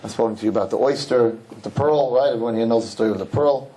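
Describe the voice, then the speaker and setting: In a synagogue hall, a middle-aged rabbi delivers an animated sermon, joking with the audience and voicing quotes in high-pitched tones. He speaks fast with a husky male voice.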